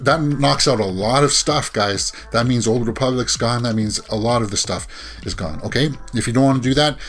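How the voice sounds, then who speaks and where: A man giving casual commentary as a movie news vlogger, rambling with frequent fillers and restarts and sighing, exasperated asides. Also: medium pitch.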